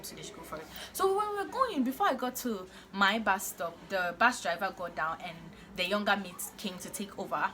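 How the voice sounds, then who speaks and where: A young woman tells a personal story in a casual vlog, animated and exasperated, with lots of fillers. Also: lowish voice, a little hiss or hum. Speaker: vlogger.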